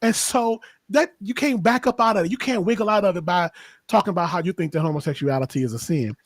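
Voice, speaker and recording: A man's voice: high voice, fast, dry recording, clean studio sound. A man hosting a podcast, talking in an impassioned, emphatic way in casual discussion. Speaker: podcast host.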